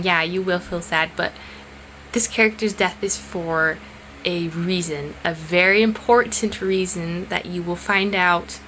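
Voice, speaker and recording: A woman's voice: medium pitch, bright, forceful tone, slight background noise. Chatty young woman author vlogging. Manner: chatty, emotional, drops to whispers at times. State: morning voice. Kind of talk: casual vlog chat. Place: at home and outdoors.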